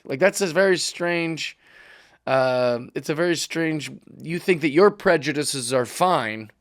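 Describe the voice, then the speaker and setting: A man's voice: a little high, expressive, unhurried, no room sound. A man, a comedian hosting his own podcast, talks in a rambling, wry, self-mocking way into a studio mic while wearing headphones. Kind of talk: casual podcast monologue.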